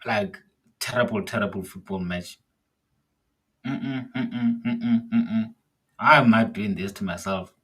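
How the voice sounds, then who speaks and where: A man ranting casually as he watches a football match live, exasperated by the play and shouting at the players and the referee. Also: on the low side, measured pace, pauses often, slightly rough. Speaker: football fan streamer. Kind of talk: live watch-along commentary.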